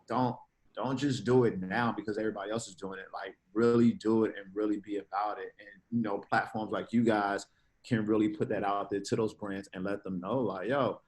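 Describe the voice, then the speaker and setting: A man talking as a guest in a casual interview, lively and slangy, acting out quoted conversations. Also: fairly low pitch, low-quality recording. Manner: animated, slangy, acts out quoted exchanges.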